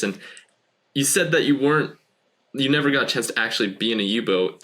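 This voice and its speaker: Young guy hosting a podcast, bright voice, lowish, keeps saying so cool. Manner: enthusiastic, says "so cool". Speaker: podcast host. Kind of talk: casual interview chat.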